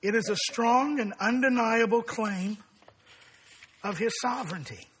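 A man preaching a sermon as pastor, in deliberate, emphatic phrases. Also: very high voice, a bit bright, a little hiss or hum.

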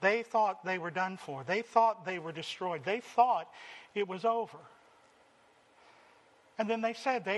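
In this sermon, a man with a high-pitched voice performs the quoted lines as he preaches. His delivery moves from loud, emphatic moments to quiet, stretched-out phrasing.

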